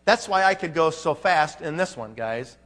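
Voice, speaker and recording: Speaking at normal speed, a conference speaker uses a fairly high, animated, fairly bright voice. His motivational talk is emphatic, with rhetorical questions aimed at the crowd, and the recording has long hall reverb.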